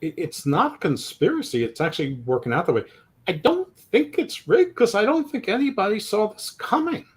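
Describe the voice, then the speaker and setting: A man's voice: high-pitched, sing-song, normal speed, slightly rough. A man co-hosting a casual sports podcast, rambling and joking, often stammering as he restarts his sentences. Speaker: podcast co-host.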